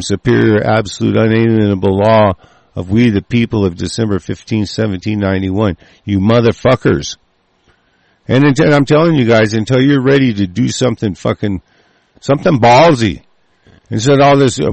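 Man, gravelly voice, furious profane rant, stammering restarts, dry close sound. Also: on the low side, darkish tone, no echo. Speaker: political ranter reading a news article.

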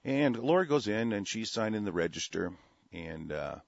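A man's voice: on the low side, big pitch swings, normal speed, gravelly, dry recording. Profane, rambling talk radio host, man. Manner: profane, blunt, rambling with many restarts. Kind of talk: rambling storytelling and political rant on talk radio. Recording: dull, lo-fi, dry radio broadcast audio.

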